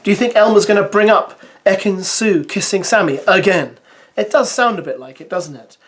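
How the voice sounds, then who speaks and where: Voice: mid-range voice, moderate pace. A reality TV commentator doing a recap, reading out summaries with wry, chatty asides to viewers.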